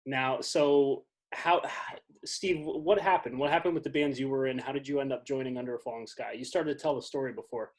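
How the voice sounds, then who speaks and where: A man's voice: mid-range voice, steady tone, fairly quick. A man hosting a casual podcast chat, asking the guests questions and steering the talk. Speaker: podcast host.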